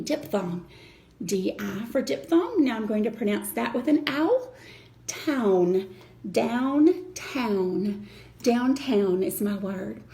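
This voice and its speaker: A woman teacher walks children through a reading lesson, patient and deliberate. Her voice sits a little high with a gravelly fry in it. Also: dark tone. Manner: slow, patient step-by-step explaining.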